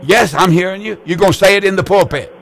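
A man's voice: high-pitched, fast, vocal fry, a bit bright, a little hiss or hum. A middle-aged man hosting a call-in radio show as a pastor, speaking with a fervent, repetitive preacher's cadence.

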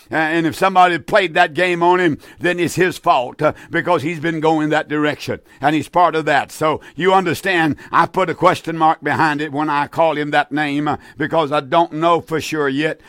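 A man's voice: a little high, fairly bright tone, dry recording. A man in his eighties hosting a call-in radio program, preaching earnestly with many restarts and repeated words. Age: 80s.

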